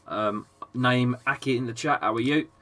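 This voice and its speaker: An English man with a chesty, slightly rough voice gives a live football watchalong between coughs, reading chat and calling the play. His tone is bright and forward. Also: mid-range voice, moderate pace. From England. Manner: chatty, swears, reads chat aloud between play calls. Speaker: football fan streamer. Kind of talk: casual live watchalong commentary.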